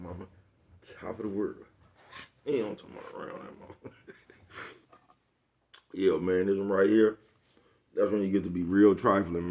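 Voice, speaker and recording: His voice sits low and comes across a little mellow. In this vlog he rants comically at the camera, laughing often, swearing in street slang, and repeating "you know what I'm talking about."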